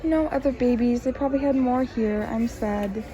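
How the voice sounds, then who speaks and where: A woman in her early twenties filming a casual shopping vlog inside retail stores, talking excitedly and gushing over what she finds. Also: a little high, normal speed, muffled recording, music in the background. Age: early 20s. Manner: excitable, gushing, exclaims often. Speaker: vlogger. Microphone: handheld phone camera.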